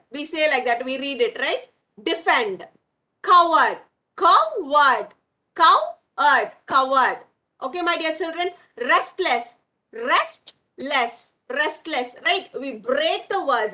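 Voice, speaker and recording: This low-quality recording captures a woman whose voice sits high and sounds pushed and bright. Teaching English to young primary pupils online, she goes over words slowly and repeatedly, referring to them as "my dear children."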